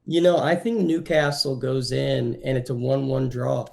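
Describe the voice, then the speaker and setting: A man with a gravelly, mid-pitched voice co-hosting a casual football podcast. He makes his predictions in a laid-back, sure-of-himself way. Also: fairly even intonation, normal speed. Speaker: podcast co-host. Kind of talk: casual sports chat.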